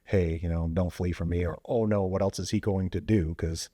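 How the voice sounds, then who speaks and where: A man's voice: sits low, fairly even intonation, normal speed, dark tone, dry recording, clean studio sound. A man, a former police officer and veteran, casually telling a story as a podcast guest, with loose fillers and quoted dialogue acted out with sudden voice jumps. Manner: loose, with many fillers like "you know" and "like".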